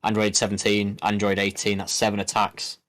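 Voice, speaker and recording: A man's voice: on the low side, monotone, brisk, fairly bright tone, no echo. A man commentating a card game match in a loose, rambling way, full of restarts. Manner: rambling, lots of fillers and restarts. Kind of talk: casual play-by-play commentary.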